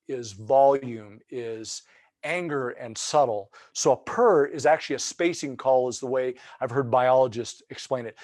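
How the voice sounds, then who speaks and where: A man's voice: medium pitch, darkish tone, dry recording, clean studio sound. A man giving a webinar lesson on turkey hunting, explaining calls in a folksy, loose way with many restarts.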